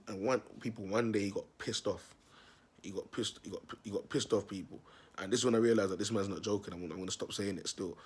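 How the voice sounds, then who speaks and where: A young man tells a story in a loose, slangy vlog. His voice is husky and sits a little low, and he keeps the story animated with frequent laughs. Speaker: self-styled prophet vlogger.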